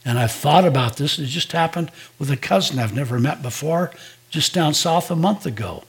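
A man's voice: on the high side, animated, normal speed. An older man, a pastor, preaching a sermon in a conversational, storytelling way, acting out quoted dialogue.

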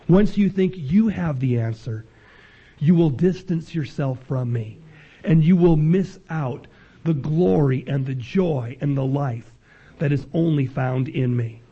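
A man preaching a sermon as pastor, emphatic and rising to loud peaks. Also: medium pitch, breathy edge. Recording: dull lo-fi sound.

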